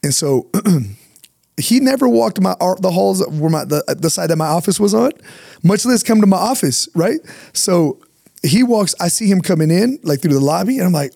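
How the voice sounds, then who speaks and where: A middle-aged man, a pastor, telling a personal story in casual chat, animated and jumping high in pitch when he acts out his younger self. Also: normal speed, creaky, no room sound, clean studio sound.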